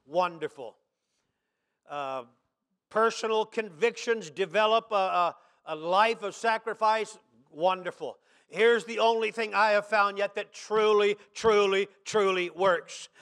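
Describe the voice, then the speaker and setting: A man preaching a sermon to his church, posing rhetorical questions and building into shouts. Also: high-pitched, clear, resonant tone. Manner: impassioned preaching that swells into shouts; asks the congregation rhetorical questions. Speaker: pastor. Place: church service.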